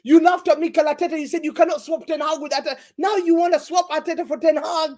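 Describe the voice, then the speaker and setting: High-pitched guy gloating about a rival club on a football stream, slangy and mocking, laughing a lot. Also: fairly even intonation, fast talker, darkish tone. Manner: mocking, gleeful, uses London street slang. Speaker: guest pundit. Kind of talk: heated football banter on a live stream.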